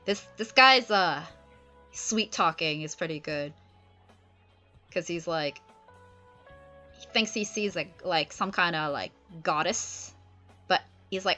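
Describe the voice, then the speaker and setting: A woman's voice: on the low side, takes it slowly, pauses often, bright, forceful tone, muffled recording, soft background music. A woman streamer chatting casually about a play, peppering her speech with "like". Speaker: streamer discussing literature. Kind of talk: casual chat.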